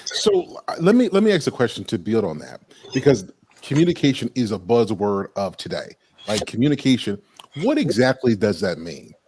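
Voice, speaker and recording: A man hosting a casual group discussion, speaking in an animated, preacherly way. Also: fairly low pitch, normal speed, slight background noise. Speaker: host.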